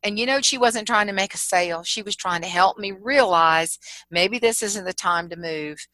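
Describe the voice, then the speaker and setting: A middle-aged woman with a Southern accent from South Carolina, a humorist guest telling lively stories in a casual interview and laughing often. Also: medium pitch, normal speed, dry recording, poor audio. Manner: storytelling, animated, laughs often.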